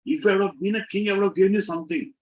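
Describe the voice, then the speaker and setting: A man's voice: high voice, very fast, voice pushed up, lightly acted. A man voicing a tender exiled divine prince. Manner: tender and humble. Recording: slightly muffled recording.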